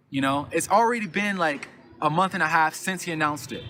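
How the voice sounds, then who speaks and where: Man, slightly high voice, casual storytelling, profane and repetitive, noisy background. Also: fairly quick. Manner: animated, profane, repeats phrases, acts out quotes. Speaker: guest telling his story.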